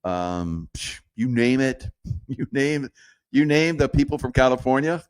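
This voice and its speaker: A man's voice: mid-range voice, expressive, a little slow, smooth, dry recording. A man giving rambling, casual political commentary, drifting off topic and laughing at his own jokes.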